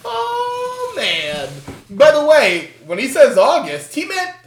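A quiz host in casual chat, reading questions aloud, laughing often, swearing and reacting with loud dismay. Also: high voice, very animated, normal speed. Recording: roomy echo.

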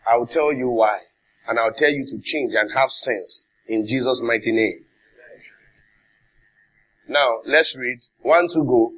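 A man's voice: medium pitch, normal speed, pauses often, bright, forceful tone. A man with a Nigerian accent preaching a sermon as pastor, emphatic, calling out to the congregation and acting out quotes. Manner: emphatic preaching with call-and-response and acted quotes.

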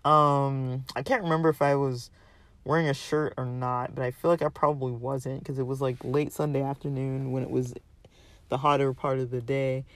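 A man's voice: medium pitch, little pitch movement, normal speed, a bit bright, no echo. A man telling a long, rambling story in a casual monologue, full of "like" and "um", sounding exasperated. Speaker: vlogger ranting about a roommate.

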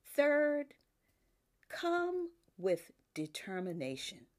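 Older lady preaching slow, voice swings way up and down, emphatic. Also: mid-range voice, huge pitch swings. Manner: slow, emphatic preaching with rising exclamations and soft drops. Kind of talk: sermon.

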